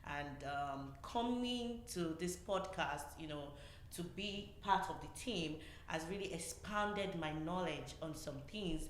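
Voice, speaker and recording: A woman on a podcast's production team, speaking in casual conversation, hesitant and full of fillers. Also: on the low side. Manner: slow, hesitant, with many fillers. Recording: echoey room with faint noise.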